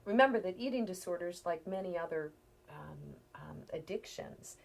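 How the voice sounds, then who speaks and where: A middle-aged woman talks through ideas in an unhurried, explanatory way, her voice sitting a little on the low side. At times she drops almost to a whisper before picking back up. It sounds like a relaxed one-on-one interview. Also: vocal fry. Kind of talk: conversational interview.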